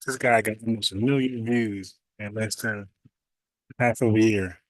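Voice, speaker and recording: A man's voice: fairly low pitch, steady tone, unhurried, no room sound, poor audio. A man giving casual reaction commentary, incredulous and firing off rhetorical questions.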